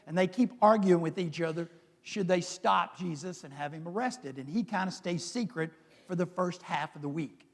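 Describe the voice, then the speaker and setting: A man's voice: high voice, fairly quick, big-room sound. A man preaching a sermon as a pastor, retelling scripture in a conversational, dramatic storytelling manner. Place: church sanctuary.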